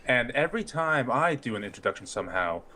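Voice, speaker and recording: A man's voice: medium pitch, very animated, fast, pushed and bright. A man hosts a live podcast episode, opening it with a playful, jokey introduction. His voice sits in a middle range and his delivery stays casual. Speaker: podcast host leading the episode. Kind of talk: casual live-stream chat.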